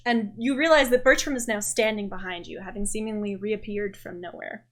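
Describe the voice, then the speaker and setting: A woman's voice: medium pitch, fairly quick, few pauses, fairly bright tone. A woman game master narrating a tabletop game in a descriptive, storytelling way.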